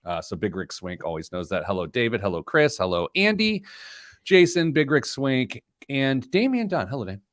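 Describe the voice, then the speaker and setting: A man's voice: medium pitch, normal speed, dry recording, clean studio sound. A man hosting a talk show, telling stories and joking in casual banter. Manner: animated joking storyteller. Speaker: host.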